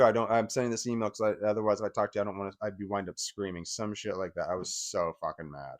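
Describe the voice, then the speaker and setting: A man's voice: on the low side, fairly even intonation, fast talker, hardly any pauses. A man in his forties giving an angry, profane personal rant, often stumbling and restarting his sentences. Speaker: vlogger.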